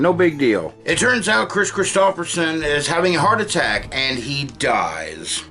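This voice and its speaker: Sarcastic, foul-mouthed man with a bright voice. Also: on the high side, creaky. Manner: sarcastic, swears freely, acts out quotes. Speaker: movie reviewer. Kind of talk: casual profane plot recap.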